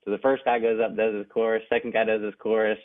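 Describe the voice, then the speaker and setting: Young male guest, slightly low voice, eager storyteller, phone-line sound. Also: level tone, fast. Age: young adult. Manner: eager, laughs often between anecdotes. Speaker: jazz pianist guest. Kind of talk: storytelling in a radio interview.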